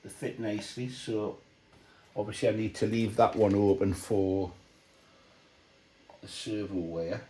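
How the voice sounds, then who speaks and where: A man talking through a model build, relaxed and thinking aloud as he explains each step. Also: fairly low pitch, unhurried, long pauses. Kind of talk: workshop build commentary. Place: hobby workshop bench. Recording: roomy workshop echo.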